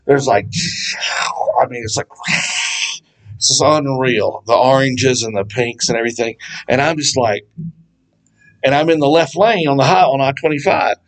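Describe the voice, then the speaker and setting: A man's voice: mid-range voice, normal speed, pauses often, rough recording. A man preaches in a loose, conversational manner. He unpacks scripture like he's chatting with friends, slipping into anecdotes and acting out bits of dialogue. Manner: conversational, storytelling, acts out dialogue. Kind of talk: casual sermon with Bible teaching.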